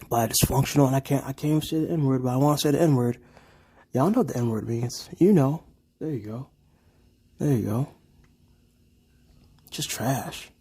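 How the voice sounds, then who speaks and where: A man's voice: medium pitch, dark tone, slightly rough. A young man ranting in casual commentary, repeating himself and checking in with "right?" and "okay?". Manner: repetitive, emphatic, keeps asking "right?" and "okay?". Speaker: vlogger.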